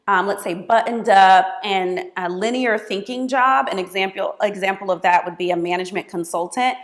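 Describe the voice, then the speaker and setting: A woman in her thirties, a career coach giving expressive, hands-on advice straight to camera. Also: medium pitch. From United States. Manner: expressive, gestures a lot while talking.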